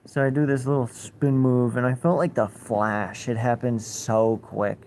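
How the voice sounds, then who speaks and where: Guy on a livestream, swears a ton, mellow voice, faint hum behind him. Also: mid-range voice, flat delivery, a little slow. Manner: blunt, heavy swearing, rambling. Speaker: livestreamer reading chat comments. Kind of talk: casual storytelling.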